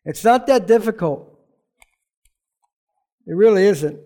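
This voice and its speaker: A man's voice: high-pitched, animated, slow, mellow. A man preaching a sermon, telling stories conversationally with humor between points. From rural background. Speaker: pastor.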